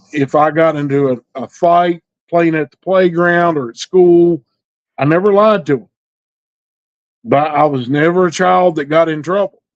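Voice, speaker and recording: A middle-aged man, telling a personal story as a podcast guest in plainspoken, rural speech with halting pauses. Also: on the high side, dry recording. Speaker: interview guest. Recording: dull lo-fi recording.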